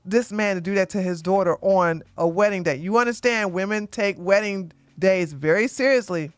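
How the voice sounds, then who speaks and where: A woman hosting an opinionated commentary show, talking bluntly and emphatically, often tagging points with "okay?" and getting loud when she acts out arguments. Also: mid-range voice, normal speed, no room sound. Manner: gets loud and animated when acting out arguments. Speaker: commentary channel host.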